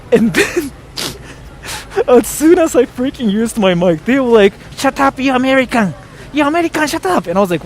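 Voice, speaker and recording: An excitable man raised in Japan chats with viewers, bursting into laughs and swearing as he tells stories. His voice sits high and swings widely in pitch. A faint hiss runs underneath. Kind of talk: casual storytelling to viewers.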